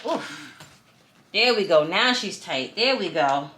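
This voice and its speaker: A woman's voice: fairly low pitch, expressive, slow pace, bright, forceful tone. Exasperated woman vlogging in an echoey room. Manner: talkative, exasperated, addresses viewers as y'all. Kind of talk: casual chat to camera while assembling furniture. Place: room at home. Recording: echoey room with faint noise.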